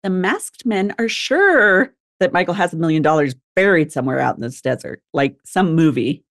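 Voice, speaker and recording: A woman's voice: on the low side, expressive, moderate pace, no room sound, clean studio sound. A young adult woman co-hosting a podcast, recounting a true crime case casually, with frequent swearing and laughter. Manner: swears and laughs while recounting grim details. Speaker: podcast co-host.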